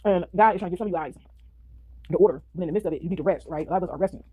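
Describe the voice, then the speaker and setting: A woman's voice: fairly low pitch, racing, dark tone, slightly rough, no echo. A woman vlogging casually while eating, chatting with her viewers and breaking into bits of song. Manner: chatty, addresses viewers as y'all, sings snippets. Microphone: phone.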